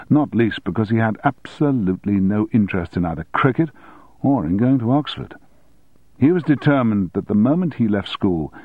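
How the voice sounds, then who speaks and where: A man with a fairly low voice reads the story, his delivery measured yet lively in its rise and fall. The recording is dry and narrow, like it is coming over a phone line. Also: no echo. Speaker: audiobook narrator. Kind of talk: scripted narration. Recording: dry, tinny phone-like sound.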